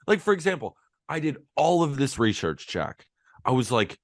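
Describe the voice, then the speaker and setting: A man co-hosting a casual sports podcast, chatty and quick to laugh, on a close mic. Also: mid-range voice, no room sound. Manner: animated, laughs often, chatty. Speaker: podcast co-host.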